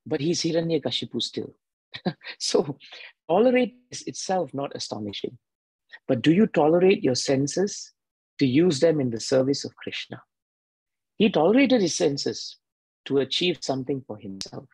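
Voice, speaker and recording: Husky man giving an emphatic sermon. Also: on the high side, big pitch swings, moderate pace, darkish tone, dry recording, low-quality recording. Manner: emphatic, repeats key phrases. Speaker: devotional speaker.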